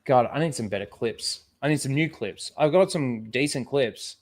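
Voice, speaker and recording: A male livestream host who rambles and swears freely, apologizing as he fills time. His voice sits at a middle pitch, loose and unpolished. He talks from a desk at home. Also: expressive, normal speed. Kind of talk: casual livestream chat.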